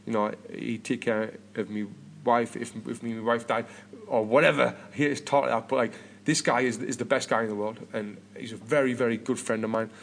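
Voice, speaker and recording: A man's voice: mid-range voice, flat delivery, fairly quick, creaky, few pauses, slight background noise. A British man in his thirties hosting a podcast, chatting casually and rambling with lots of restarts and repeated words. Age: 30s. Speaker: podcast host.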